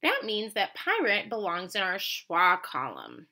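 A woman teaching a children's phonics lesson, enunciating words clearly and encouraging her listeners. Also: mid-range voice, wildly swooping pitch, measured pace, sharp tone.

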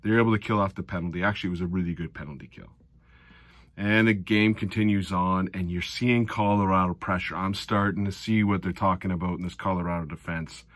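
A middle-aged man giving a casual recap of a hockey game, animated and sarcastic, often exasperated. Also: low voice, brisk, dry recording. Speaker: hockey fan commentator.

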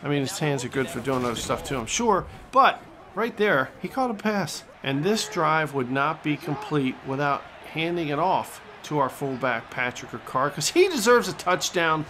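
Excitable jokey play-by-play gamer man. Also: fairly high pitch, normal speed, noisy background. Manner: excitable, jokey sportscaster voice with sudden loud outbursts. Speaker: gaming channel host. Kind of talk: play-by-play commentary over a football video game. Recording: game music underneath.

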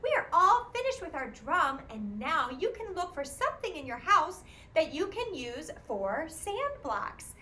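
A Midwestern American woman leads small children in an interactive music class, singing animal songs and offering sing-song encouragement. Her high voice is pushed and bright, moving a little slowly. Slight background noise and faint ambience come through in an echoey room.

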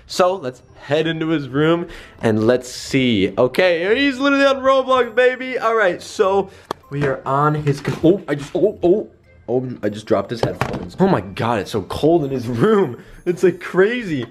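Young male gaming vlogger, slightly high voice, hyped and breathless, keeps talking to his viewers. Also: sing-song, measured pace, noisy background. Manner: hyped, breathless, calls viewers guys and baby. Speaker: gaming YouTuber. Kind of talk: excited gaming vlog.

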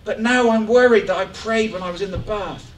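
High-voiced animated man preaching in an echoey hall. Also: fairly quick. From England. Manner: animated, joking, rising excitement. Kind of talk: sermon. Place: church hall. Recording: echoey church hall from far off.

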